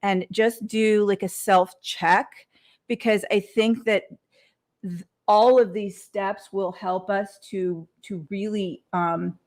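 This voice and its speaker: Slow-talking podcast host lady, earnest motivational rant, lots of ums and restarts. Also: medium pitch, fairly even intonation, a little mellow. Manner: earnest, repeats words, many fillers and restarts. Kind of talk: unscripted motivational monologue.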